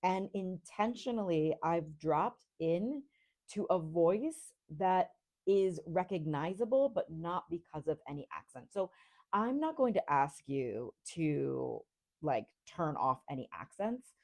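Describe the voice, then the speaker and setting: Low-voiced American woman coaching slowly. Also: animated, a little mellow. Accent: neutral American, Rhode Island traces on a few words. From Rhode Island, US. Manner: deliberately slow, articulate, reflective. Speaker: podcast host and voice coach. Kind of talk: teaching monologue.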